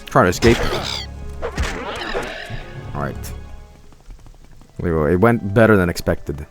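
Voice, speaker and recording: A man's voice: on the low side, big pitch swings, a little slow, pauses often, soft background music. A man giving casual, rambling gameplay commentary as a streamer, swearing and laughing often.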